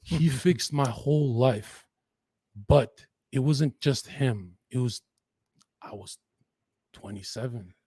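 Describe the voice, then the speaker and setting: A man from western Canada, a podcast guest, telling his story in an intense, profane, rapid-fire way. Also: medium pitch, mellow, slightly rough, no echo. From Lower Mainland, Canada. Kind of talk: candid storytelling in an interview.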